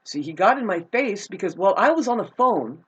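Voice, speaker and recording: A woman's voice: mid-range voice, sing-song, brisk, breathy edge, dull audio. A woman telling a personal grievance in a casual, rambling monologue, agitated and profane, with frequent restarts.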